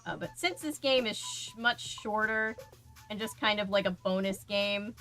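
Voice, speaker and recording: A woman's voice: medium pitch, moderate pace, bright, forceful tone, faint music behind. A young woman chatting casually to her viewers while she plays a video game, talking back to the game as she goes. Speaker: game streamer. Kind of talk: casual gameplay commentary.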